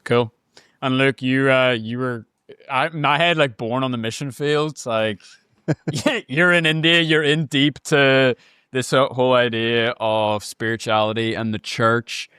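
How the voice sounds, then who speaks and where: A man's voice: medium pitch, measured pace, sharp tone, smooth, no echo, clean studio sound. A man hosting a podcast conversation, upbeat and playful, with frequent laughs. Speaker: podcast host.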